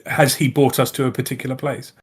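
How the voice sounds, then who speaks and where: A man's voice: medium pitch, little pitch movement, fast talker, husky. A man playing a tabletop game, asking the game master questions in a casual way. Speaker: player. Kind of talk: casual tabletop role-play chat.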